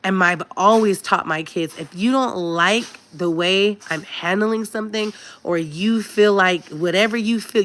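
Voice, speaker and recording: A woman's voice: on the low side, a bit bright. A woman, giving parenting advice to her viewers in a chatty, emphatic way. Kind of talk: casual direct-to-camera advice talk.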